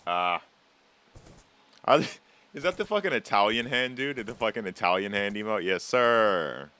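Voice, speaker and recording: A man with a low, deep voice talks casually to his chat while he plays a game on a live stream. His talk rambles and teases, with easy swearing throughout. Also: expressive, a little slow, sharp tone.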